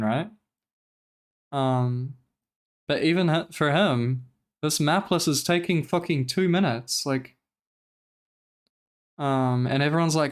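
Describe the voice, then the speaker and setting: A young man streaming, talking casually in a profane, rambling and exasperated way while commenting live. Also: a little high.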